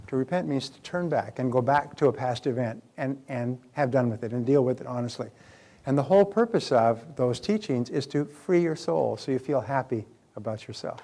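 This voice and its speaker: A man's voice: mid-range voice, gravelly, warm tone. An older man giving a live motivational seminar lecture, speaking emphatically and putting rhetorical questions to the audience.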